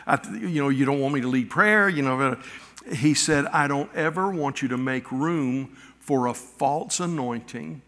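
A middle-aged male pastor preaching a sermon, telling personal stories with halting restarts and acted-out quotes. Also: mid-range voice, pushed and bright. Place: church sanctuary. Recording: long reverb of a church hall.

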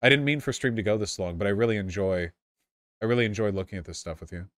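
A man streaming live, chatting casually and excitably with his viewers, swearing freely. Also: on the low side, fast talker, dry recording.

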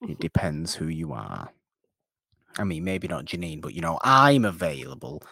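A man's voice: sits low, huge pitch swings, moderate pace, gravelly, sharp tone, breathy edge, no echo, clean studio sound. A man co-hosting a podcast in casual chat, playful and rambling, mocking himself. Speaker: podcast co-host.

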